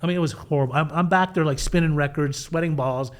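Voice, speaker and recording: A middle-aged man candidly telling his own recovery story in an interview, animated and casual, acting out the voices of people in it. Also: on the high side, quick pace. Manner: animated, acts out quoted voices, swears casually.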